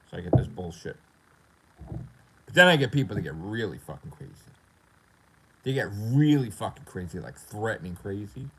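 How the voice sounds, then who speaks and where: Husky, animated New York man ranting. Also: on the low side, moderate pace, pauses often, poor audio. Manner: profane, animated storytelling. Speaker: gaming streamer. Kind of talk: casual livestream rant.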